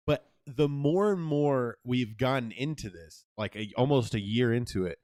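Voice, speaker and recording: A young man co-hosting a casual podcast, telling a story in a profane, animated way. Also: mid-range voice, normal speed, no room sound, clean studio sound. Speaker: podcast co-host.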